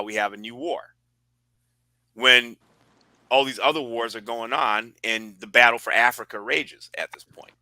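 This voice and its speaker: Bright-voiced man theorizing. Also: medium pitch, dry recording, low-quality recording. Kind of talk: political discussion.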